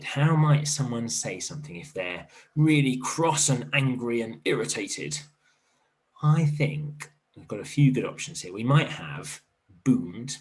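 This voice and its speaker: A man teaching an online primary literacy lesson in a gentle, encouraging way, thinking aloud as he writes. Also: lowish voice, lively intonation, normal speed.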